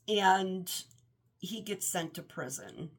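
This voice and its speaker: A woman's voice: medium pitch, breathy edge. A woman giving a casual, rambling book review, often stopping to correct herself. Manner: rambling, self-correcting with fillers.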